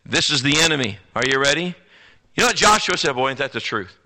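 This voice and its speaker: A man preaching a sermon to teenagers in a church, swinging between loud declarations and hushed, drawn-out words, and calling out to his audience. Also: mid-range voice, big pitch swings, rough recording. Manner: commands and banters with the audience. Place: church sanctuary before a congregation.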